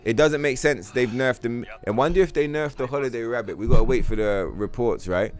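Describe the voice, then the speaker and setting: A man streaming a game and chatting casually, rambling and animated, swearing freely and using slang. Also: medium pitch, a little fast, faint music behind. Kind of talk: casual livestream chat while gaming.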